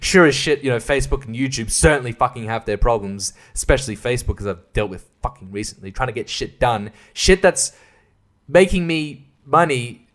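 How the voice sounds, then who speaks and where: A man runs a solo podcast in a loose, rambling rant. He swears often and trails off into asides. His pitch is ordinary for a man. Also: expressive, brisk, a bit bright. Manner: profane, rambling, laughs at his own jokes. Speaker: podcast host.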